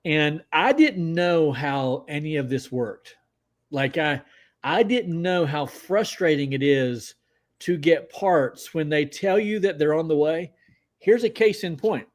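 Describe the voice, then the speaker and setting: Male livestream host, slightly high voice, casual, excitable, greets chat by name.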